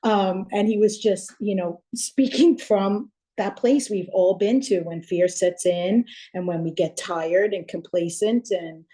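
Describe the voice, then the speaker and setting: A woman's voice: mid-range voice, a little slow, few pauses, mellow. A middle-aged woman sharing earnestly on a group video call, with many fillers. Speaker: call participant.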